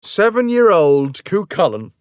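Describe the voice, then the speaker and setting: A man with a fairly high, bouncy voice retells an old legend on stream, throwing in swearing and jokey asides as he goes. His speech rises and falls a lot. The sound is dry and close, with no room around it. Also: measured pace, dry recording. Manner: animated, profane, jokey asides. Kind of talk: casual retelling of a myth.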